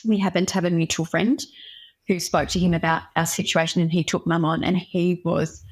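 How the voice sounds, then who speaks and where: A woman's voice: fairly low pitch, steady tone, fairly quick, darkish tone. Woman doctor telling a frank story. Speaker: guest doctor. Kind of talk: candid interview conversation.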